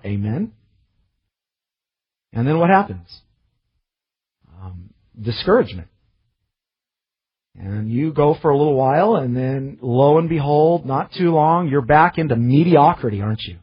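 A man's voice: mid-range voice, expressive, moderate pace, long pauses, husky, dull audio. A man preaching a sermon in an earnest, self-searching way, often restarting his phrases.

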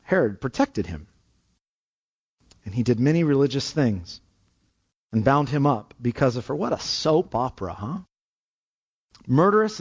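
Emphatic preacher with a dull, lo-fi sound. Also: male voice, mid-range voice, a little mellow. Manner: emphatic, repeats key phrases. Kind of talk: sermon.

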